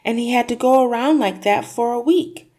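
A woman's voice: fairly high pitch, normal speed, darkish tone, voice pushed up, close to an everyday voice. A woman voicing a clever little girl who sounds sweet and innocent.

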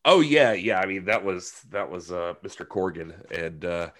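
A man's voice: low voice, animated, normal speed, fairly bright tone. A man as a podcast guest, telling rambling, self-deprecating stories in casual chat.

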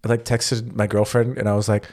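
This podcast co-host has a fairly low, slightly mellow voice and a level tone, speaking a little fast. He rambles through casual chat, full of fillers and restarts.

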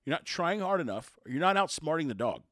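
A dog trainer delivering a forceful monologue, with a high, lively voice that swings widely in pitch. He stresses his points and jumps into little acted quotes. He sounds like someone arguing his case to listeners. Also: fast, no echo, studio quality. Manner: emphatic, acts out quotes in raised voices. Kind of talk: opinionated monologue.

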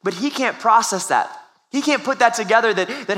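A man's voice: high voice, expressive, normal speed, sharp tone. A young adult man preaching a sermon as pastor, telling a family story in a conversational way with restarts.

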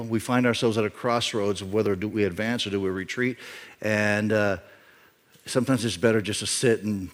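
A middle-aged man preaching a sermon as a pastor, emphatic, repeating key phrases and swinging between loud and quiet. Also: on the low side. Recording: reverb of a large hall.

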